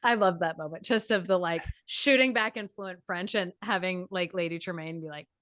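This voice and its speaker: A woman guest on a podcast in casual chat about a film, excitable and fond of acting out lines in a high put-on voice. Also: normal speed.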